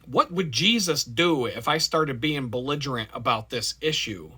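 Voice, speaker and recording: A man vlogging in a rambling, animated personal monologue with many fillers. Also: medium pitch, moderate pace, breathy edge.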